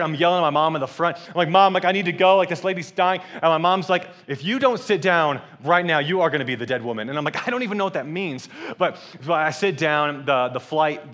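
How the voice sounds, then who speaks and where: A young man preaches as a guest speaker, spinning a comic personal story. His voice sits a little high for a man and he swings between bright bursts and hushed asides. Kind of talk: storytelling sermon.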